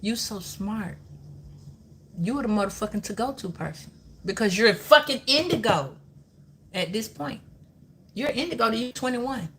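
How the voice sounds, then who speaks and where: Bright-voiced woman, profane and preachy. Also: a little high, lively intonation, normal speed, a little hiss or hum. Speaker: tarot reader. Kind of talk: live-stream tarot reading.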